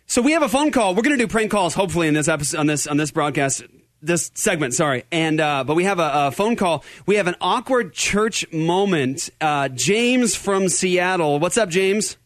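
An energetic male host whose voice sits a little high, talking over himself with quick restarts. The sound is dry and close. He keeps things loose and jokey with his callers. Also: no echo. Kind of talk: casual live show chat.

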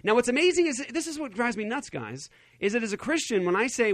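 A man hosting a radio talk show in a studio, arguing in an animated, emphatic way. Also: very high voice, fast, no echo. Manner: animated, emphatic, laughs often. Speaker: radio host.

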